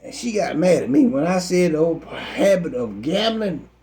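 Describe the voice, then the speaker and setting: A man telling a comic story as a frustrated pastor, exasperated and animated. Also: on the high side, moderate pace. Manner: exasperated, animated, Southern Black church vernacular.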